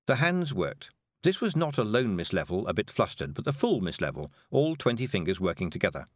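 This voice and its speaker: Expressive man narrating an audiobook. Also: lowish voice, brisk, no room sound, studio quality. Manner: expressive, storytelling.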